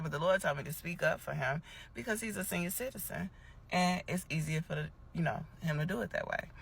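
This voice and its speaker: A woman's voice: low voice, gravelly, fairly bright tone, breathy edge. A woman giving a casual spoken testimony, telling the story in a preachy way and acting out each person's words. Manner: preachy storytelling, acts out dialogue. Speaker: Christian testimony vlogger.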